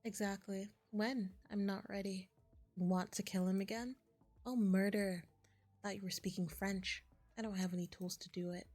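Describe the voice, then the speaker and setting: A woman's voice: medium pitch, steady tone, moderate pace, a little mellow, soft background music. A woman streaming a game, reading the dialogue aloud between chatty asides. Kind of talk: casual gameplay commentary.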